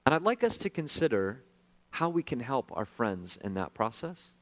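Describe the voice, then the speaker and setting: Male pastor, middle-aged, conversational testimony-style sermon, hushed to animated. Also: medium pitch, normal speed. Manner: conversational, self-deprecating, swings from hushed to animated. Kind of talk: sermon storytelling.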